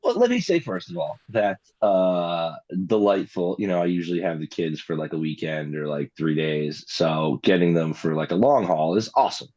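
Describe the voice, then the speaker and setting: A man in his thirties with a very low, deep voice. As a podcast co-host he rambles along in a laid-back, wry way. The recording is dull and muffled, like lo-fi audio. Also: lively intonation, moderate pace, few pauses, a little mellow. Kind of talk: casual podcast banter.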